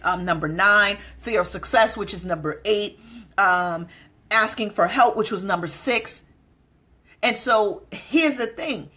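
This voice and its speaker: A middle-aged woman giving an emphatic motivational talk, drawing out key words and jumping into quoted voices. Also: bright, forceful tone. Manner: acts out quoted voices with sudden pitch jumps. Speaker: motivational speaker.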